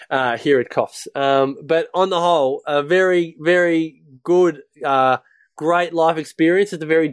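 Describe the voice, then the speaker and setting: A man, co-hosting a podcast in casual chat, talkative and given to rambling asides and laughs. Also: fairly high pitch. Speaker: podcast co-host.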